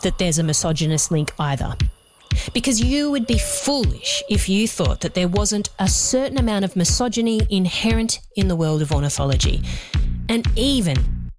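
A woman's voice: medium pitch, very animated, normal speed. A woman with an Australian accent hosting a produced radio feature, wry and playful with jokey asides. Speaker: host. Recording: music bed underneath.

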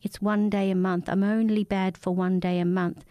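A woman voicing a frightened, desperate man who pleads for his life, rambling and rising in pitch as he begs. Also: flat delivery, normal speed, mellow, no room sound, studio quality, close to an everyday voice. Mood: pleading. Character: frightened desperate man, a cursed family father.

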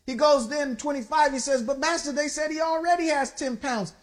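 A woman preaching a sermon in an emphatic call-and-response style, building up to shouts. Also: high-pitched, fairly quick.

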